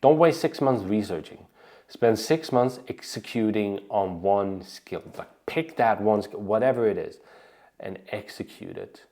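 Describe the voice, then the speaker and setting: A man with a light Swedish accent coaches his viewers in a relaxed, conversational way. His voice sits fairly low, and he keeps tossing in "right?" and restarting his phrases as he goes. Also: unhurried. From Sweden. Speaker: online business coach. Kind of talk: casual advice talk to camera.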